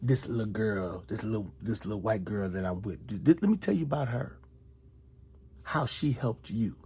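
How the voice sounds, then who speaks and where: A middle-aged man, a retired soldier, delivering a heated, accusatory monologue aimed at one person, repeating himself and swinging between loud outbursts and hushed asides. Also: fairly low pitch, expressive, moderate pace, slightly rough.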